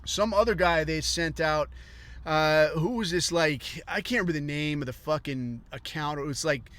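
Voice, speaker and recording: A man's voice: on the high side, moderate pace, fairly bright tone. A man ranting on a podcast, rambling and profane, sometimes mocking other people in put-on voices. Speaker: podcast host.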